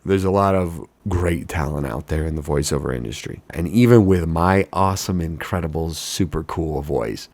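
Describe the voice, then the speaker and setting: Deep-voiced man, mock-boastful vlogger. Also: brisk, few pauses, a little mellow, no echo. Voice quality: deep announcer voice. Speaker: wedding DJ and hobby voice actor. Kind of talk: casual self-mocking vlog talk.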